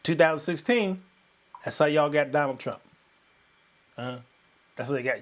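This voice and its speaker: A man hosting a live-streamed talk show in a folksy, animated manner, greeting viewers by name. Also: fairly high pitch, moderate pace.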